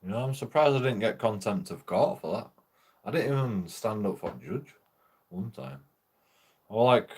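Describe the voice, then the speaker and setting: A man's voice: lowish voice, animated, moderate pace, pauses often, darkish tone, husky. A young man, talking in a rambling, sweary way and laughing through his stories as he chats. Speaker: streamer. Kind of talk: rambling casual chat.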